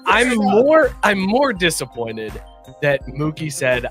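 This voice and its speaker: A man's voice: on the high side, unhurried, soft background music. A man hosting a casual podcast, teasing his friends and reading viewer comments. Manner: teasing, animated. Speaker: podcast host. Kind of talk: casual beer-and-sports chat.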